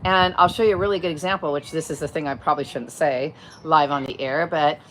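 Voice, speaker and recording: A middle-aged woman with a fairly low voice talks through real estate on a casual livestream. She explains point by point and breaks off to greet viewers as they arrive. A faint hum of ambience sits behind her. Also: fairly even intonation, fast talker, fairly bright tone. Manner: chatty, explains step by step, greets viewers mid-sentence. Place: at home, outdoors or by a window, wind.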